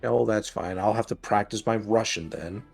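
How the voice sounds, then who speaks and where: A man chatting casually on a game stream, animated and quick to laugh, talking about his own storytelling. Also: on the low side, gravelly, husky, soft background music.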